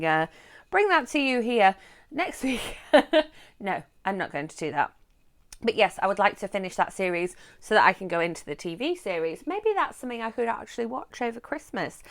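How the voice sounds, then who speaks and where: Woman book vlogger, casual chat to camera at home, smooth clear voice, rambling and chatty. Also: mid-range voice. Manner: chatty, rambling, bursts into excited squeals. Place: home room.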